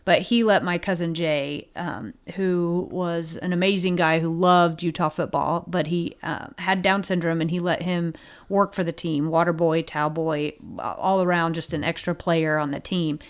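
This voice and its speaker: A woman co-hosting a podcast, talking casually and with animated disbelief, often laughing as she talks. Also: fairly low pitch, normal speed, smooth. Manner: animated, incredulous, laughing asides. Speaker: podcast co-host. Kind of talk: casual chat.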